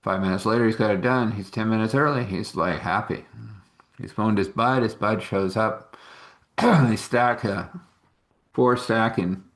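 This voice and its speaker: Low-ish guy rambling through a homely story, chuckles a lot. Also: unhurried. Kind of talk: casual spoken storytelling.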